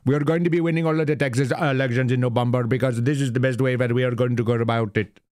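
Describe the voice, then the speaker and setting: A man's voice: medium pitch, fairly even intonation, fast talker, background noise, lightly acted. A man mimicking a boastful, pompous male politician in a declaiming voice.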